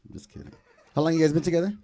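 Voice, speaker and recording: Male stand-up host, thirties, high lively voice, gravelly edge, profane crowd banter on a club stage. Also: racing. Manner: loud, profane, teasing banter with the audience. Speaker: comedy show host.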